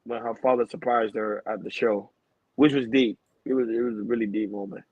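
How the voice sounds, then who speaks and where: Animated man host, dull dry sound. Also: medium pitch, fairly quick, creaky, no room sound. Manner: animated, laughing, slangy. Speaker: podcast host. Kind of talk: casual chat.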